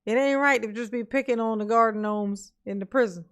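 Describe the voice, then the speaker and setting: A woman's voice: a little high, fairly quick. A woman hosting a commentary stream, taunting and mocking in slangy talk, often breaking into laughter. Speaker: commentary host.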